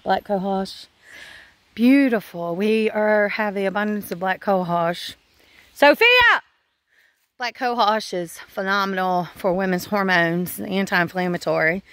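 A woman's voice: mid-range voice, fairly even intonation, a little slow, no echo. A woman homesteader, talking frankly to her phone outdoors on her farm, rambling with sighs and fillers. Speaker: homesteader vlogger. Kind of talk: casual talk to camera.

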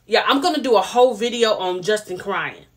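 A woman's voice: medium pitch, expressive, brisk. A woman, giving casual, sassy commentary on a reality TV episode and repeating herself for emphasis. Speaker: reality TV reviewer.

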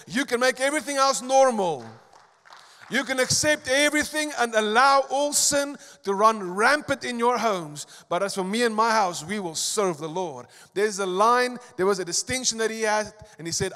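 A man preaching a sermon as a pastor, swinging between emphatic, rising lines and quiet asides. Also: sits high, normal speed. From South Africa. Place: large church hall. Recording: long church hall reverb.

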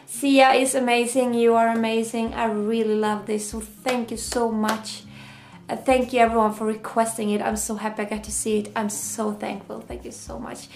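A woman's voice: a little high, flat delivery, normal speed, darkish tone. A woman from Sweden, hosting a casual reaction vlog and gushing with emotion. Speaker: YouTube reaction host. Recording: roomy echo.

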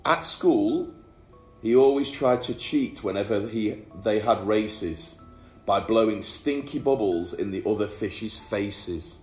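A man's voice: lowish voice, takes it slowly, a little mellow, faint music behind. A man, a teacher, reading a rhyming bedtime story aloud in a playful storytelling manner. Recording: echoey room.

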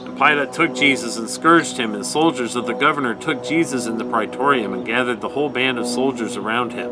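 A man leading a night prayer service, giving a measured, even scripture reading. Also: mid-range voice, rough recording.

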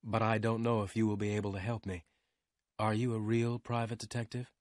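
Brief: male reader doing a curt young woman client, quiet, cool delivery. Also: lowish voice, level tone, brisk, dry recording, clean studio sound, close to an everyday voice. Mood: guarded.

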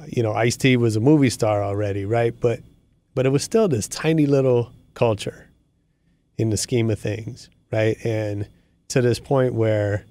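A man's voice: mid-range voice, a little mellow. A middle-aged man hosting an interview, talking in a reflective, loose way with many fillers. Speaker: podcast host. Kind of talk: conversational interview.

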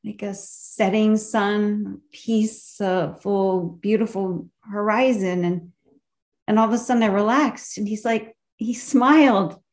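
A woman's mid-range, steady, somewhat dark voice comes through a video call as she tells a heartfelt personal memory at a memorial. She pauses often, groping for words.

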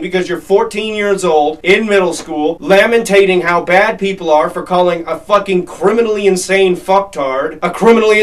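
A furious man ranting in a vlog, swearing constantly and swinging between loud outbursts and muttering. His voice sits high for a man. It is picked up from a little distance off the microphone. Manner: furious, profane, fast shifts of loudness. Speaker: video creator. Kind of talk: angry vlog rant.

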